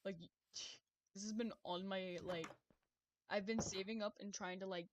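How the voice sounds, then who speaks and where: A young adult woman chatting on a live stream, excitable and rambling, who swears often and stumbles over her words. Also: mid-range voice, measured pace, background noise. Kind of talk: casual live-stream chat.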